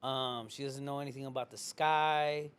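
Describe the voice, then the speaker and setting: A man's voice: medium pitch, steady tone, normal speed, fairly bright tone, clean tone. A man talking as a podcast guest in loose, rambling casual chat, joking and swearing now and then.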